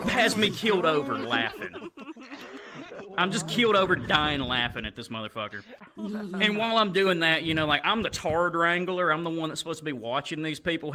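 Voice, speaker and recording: A young man doing crude, animated stand-up storytelling that jumps up into loud shouts. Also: a little high, a little fast, crowd noise. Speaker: stand-up comedian.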